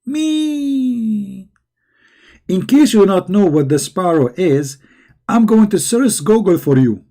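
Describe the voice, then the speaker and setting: Combative, mocking man with a mellow voice. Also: high voice, animated, moderate pace. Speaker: religious debate host. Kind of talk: live online debate commentary.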